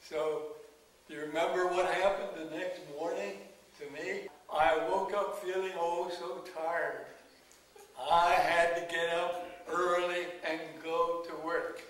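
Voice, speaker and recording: A man preaching, telling a personal story slowly and acting out his talks with God. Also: fairly high pitch, level tone, fairly bright tone. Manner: slow storytelling, acts out dialogue with God. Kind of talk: sermon testimony. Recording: echoey hall, mic at a distance.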